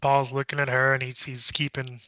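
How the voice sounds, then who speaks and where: A man playing a tabletop role-playing game, talking casually and halting as he thinks aloud. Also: medium pitch, flat delivery, bright, forceful tone, no echo. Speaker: player.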